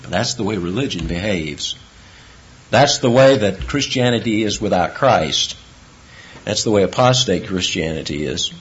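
A man preaching an expository sermon, emphatic and animated, posing questions and answering them himself. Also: fairly low pitch, moderate pace. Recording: dull lo-fi recording.

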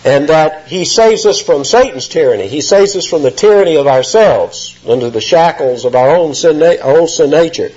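A man's voice: a little high, animated, normal speed, few pauses, darkish tone, breathy edge. A man preaching an expository sermon, emphatic and rising sharply when he quotes. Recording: muffled lo-fi sermon recording.

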